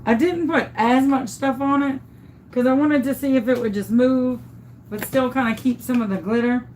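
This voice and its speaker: In an informal epoxy tumbler tutorial, a woman with a high, slightly mellow voice talks at normal speed, chatting and thinking out loud while often gushing over what she's made. Audio quality is poor and there's slight background noise.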